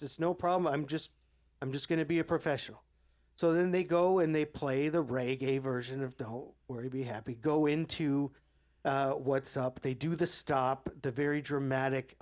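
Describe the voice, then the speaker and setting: Animated swearing male storyteller. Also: fairly high pitch. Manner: animated storyteller, acts out quoted voices, swears freely. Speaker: podcast co-host. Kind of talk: casual storytelling chat.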